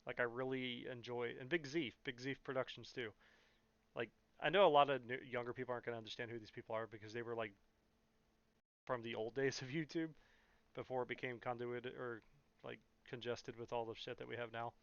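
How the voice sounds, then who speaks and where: In a laid-back question-and-answer vlog, a young man from California meanders along with lots of fillers and frank cursing. He talks a little fast in a steady, medium-pitched, slightly bright voice, and the audio is dry, muffled and dull with no echo.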